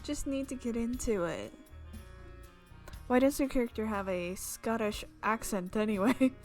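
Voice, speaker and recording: A woman's voice: on the high side, a little slow, darkish tone, faint music behind. A young woman, a gaming YouTuber, playfully reading a visual novel aloud and giving each character a voice.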